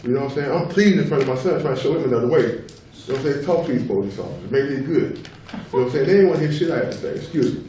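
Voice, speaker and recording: Speaking very fast with lively intonation and a dark, mid-range voice, a middle-aged man testifies as a father before a public tribunal. Emphatic and repetitive, he keeps asking "you know what I'm saying" to drive each point. The hearing room recording is roomy, with a far-off mic and faint noise.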